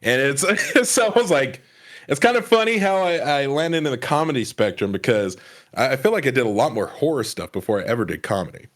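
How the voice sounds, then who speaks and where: A man chatting casually as a podcast guest, telling a story with lively energy and acting out lines along the way. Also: medium pitch, fairly quick. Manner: animated storytelling, acts out lines. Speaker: podcast guest, comedy sketch creator.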